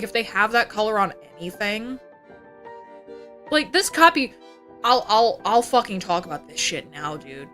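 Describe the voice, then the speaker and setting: On a livestream, this young adult VTuber vents hotly, profanely, and casually, now and then putting on mocking voices. Her voice runs on the high side and sounds pushed and bright.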